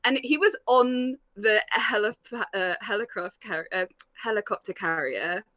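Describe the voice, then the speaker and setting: A woman's voice: mid-range voice, unhurried, no room sound, clean studio sound. A woman telling a funny story on a group chat show, giggling often and filling her talk with "like". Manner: giggly, animated, many fillers, acts out quotes. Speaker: storyteller on a live panel show. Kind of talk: casual storytelling.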